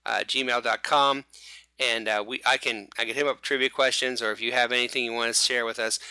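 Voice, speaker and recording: A man hosts a casual fan podcast with a bright, forward voice. He rambles and jokes, restarting sentences as he goes. The sound is dry and close, with almost no room around him. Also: medium pitch, clean tone, no room sound. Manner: rambling, jokey, self-correcting. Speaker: host.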